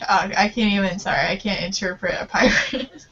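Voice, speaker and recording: A woman's voice: medium pitch, steady tone, moderate pace, fairly bright tone, breathy edge. A young woman chatting casually, giggly, telling stories with lots of "I was like". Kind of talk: casual chat. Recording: dull lo-fi call audio.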